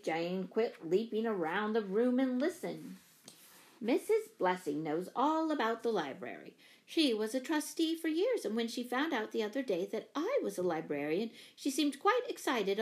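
A woman's voice: on the high side, very animated, normal speed. A woman voicing a practical, chatty mother who works as a librarian, read for a children's storybook. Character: middle-aged mother and librarian, brisk, practical.

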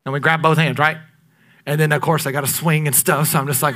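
A man in his thirties, a pastor preaching a sermon, shifting between loud emphatic peaks and hushed, drawn-out lines. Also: on the high side. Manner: dynamic preaching, swings between loud peaks and near-whispers.

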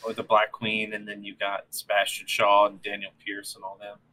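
A man's voice: on the low side, normal speed, slight background noise. A man co-hosting a casual comic book chat, recapping the issue and acting out the characters' lines. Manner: animated, acts out characters' lines while recapping. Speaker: comic book podcast co-host.

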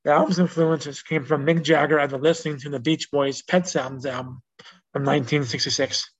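A man with a slightly high voice hosts a casual solo podcast about music history, reading notes aloud and wandering off into asides with restarts. The recording sounds dull and lo-fi. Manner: rambling, with restarts and self-corrections; reads out notes in a plain informational way. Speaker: podcast host.

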